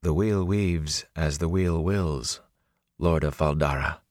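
A man voicing a calm, stern woman sorceress in an audiobook, speaking in a measured, flat way. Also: extremely low pitch, no echo, clean studio sound. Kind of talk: audiobook character voice.

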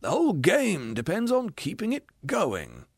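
Picture a hard-bitten ghost, bitter and cynical, who rants with a high, sharply swinging voice that keeps leaping up in scorn, as a man puts him on. The sound is close and dry, with no room around it. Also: wildly swooping pitch, unhurried, creaky, husky, no echo, exaggerated voice. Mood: ranting. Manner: sneering, scornful, ranting complaints.

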